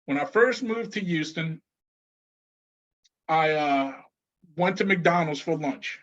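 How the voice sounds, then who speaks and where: A man with a notably high voice tells stories as a guest, laughing and restarting as he goes. The audio is slightly muffled and lo-fi. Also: takes it slowly. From New Orleans. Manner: animated storyteller, laughs often, many restarts. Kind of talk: casual conversation.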